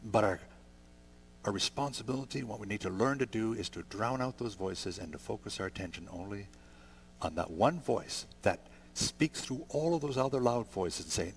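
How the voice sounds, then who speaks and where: A man in his sixties preaching a sermon, conversational and gentle, building to emphatic peaks. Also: fairly low pitch, expressive, moderate pace, gravelly, a little hiss or hum. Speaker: pastor.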